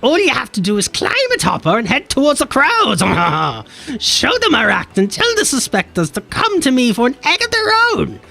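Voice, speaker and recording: A man's voice: very high-pitched, huge pitch swings, normal speed, creaky, sharp tone, soft background music, voice pushed up, heavily acted. A man voicing an older chain-smoking mum while reading game quest dialogue aloud. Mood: weary.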